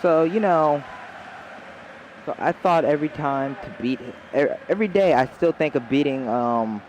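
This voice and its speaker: A man's voice: medium pitch, normal speed, darkish tone, slight background noise. A man chatting casually while playing a video game, telling rambling stories full of fillers. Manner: rambling storyteller, many fillers. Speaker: gamer.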